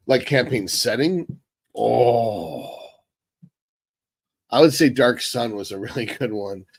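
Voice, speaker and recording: A man's voice: mid-range voice, no echo. An American man hosting a live Q&A stream, reading viewer questions aloud and answering them bluntly with a lot of swearing. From United States.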